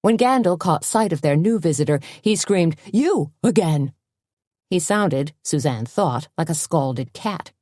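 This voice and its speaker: Low, mellow woman narrating a mystery. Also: expressive, a little slow, few pauses, no room sound, clean studio sound. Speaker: audiobook narrator. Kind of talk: scripted narration.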